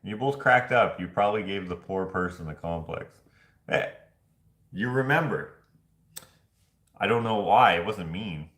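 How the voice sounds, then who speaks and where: A man's voice: low voice, a little slow, long pauses, fairly bright tone, echoey room. A man hosting a vlog giveaway, chatting in a loose, rambling way and chuckling often. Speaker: vlog host running a giveaway. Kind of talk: casual chat.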